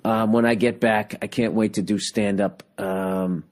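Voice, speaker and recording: Rambling, profane man with a lower voice. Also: a little slow, a little mellow. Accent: Boston. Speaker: podcast host. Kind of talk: casual chat.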